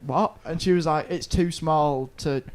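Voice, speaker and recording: A man's voice: on the high side, measured pace. A young man from England, co-hosting a podcast, telling a funny anecdote and laughing through it. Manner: laughs through his storytelling. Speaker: podcast co-host. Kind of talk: casual chat, anecdote.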